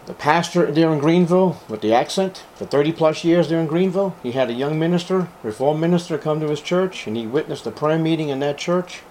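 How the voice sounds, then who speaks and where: A man preaching a sermon as a pastor to his congregation, fervent and emphatic, with sudden loud, high rises on key words. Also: brisk, few pauses, slight background noise.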